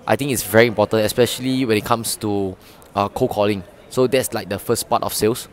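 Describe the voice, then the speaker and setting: A man's voice: on the low side, steady tone, fast talker. A man, a sales trainer giving casual tips to the camera in a chatty, loosely phrased way. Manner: chatty, loose phrasing with frequent "you know" and "lah".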